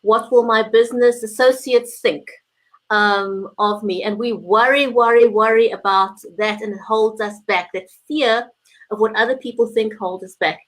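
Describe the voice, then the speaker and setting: A woman's voice: a little high, steady tone, normal speed, rough recording. A woman co-hosting a live chat over a video call, speaking in an earnest, storytelling way. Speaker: co-host.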